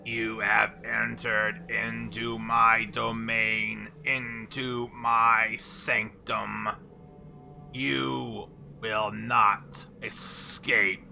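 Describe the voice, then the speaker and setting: A man voicing a menacing robot overlord in a tabletop game, speaking in a mechanical monotone. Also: creaky, faint music behind, exaggerated voice. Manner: mechanical, monotone, slow and booming.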